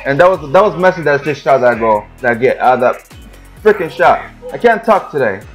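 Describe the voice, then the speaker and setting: A young man with a somewhat high voice hosts his gaming channel, giving excitable live commentary on a football game at normal speed. He yells, groans at the play, and complains often. Soft music plays in the background.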